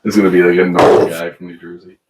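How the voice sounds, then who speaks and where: A man in loose podcast chat, full of fillers and quick to laugh. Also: low voice, little pitch movement, distant mic, very noisy. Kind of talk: casual chat.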